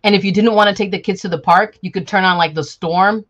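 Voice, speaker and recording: A woman's voice: mid-range voice, steady tone, fast talker, a bit bright, lo-fi sound. A woman from Chicago, chatting casually and joking with viewers on a live stream while working on a sewing project at home. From Chicago, USA. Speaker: sewing vlogger.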